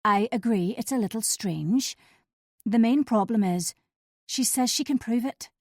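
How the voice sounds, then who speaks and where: An uneasy man picks his words with care and falters as he confronts a friend, as read by a woman narrator. The tone is warm and mellow. The recording is close and dry. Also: on the high side, a little slow, no echo. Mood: awkward, guarded. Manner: awkward, faltering.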